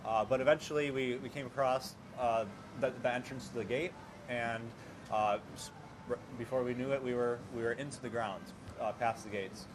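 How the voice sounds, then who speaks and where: A young man telling a travel story at a hostel in a measured way, pausing on many "uh"s. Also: mid-range voice, steady tone. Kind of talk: casual storytelling. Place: hostel common area. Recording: noisy background.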